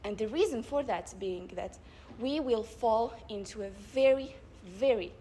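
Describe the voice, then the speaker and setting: A young woman delivering a public speech at a debate club event, building her points with rhetorical questions and measured emphasis. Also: a little high, warm tone, a little hiss or hum. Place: live event before an audience.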